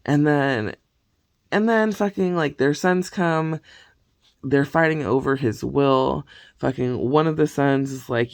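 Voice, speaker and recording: Brief: gravelly, fry-heavy man, profane rambling movie-rant vlogger, dry close sound. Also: a little high, animated, takes it slowly, long pauses, no echo. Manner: heavy swearing, rambling retelling of plots. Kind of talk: casual rant.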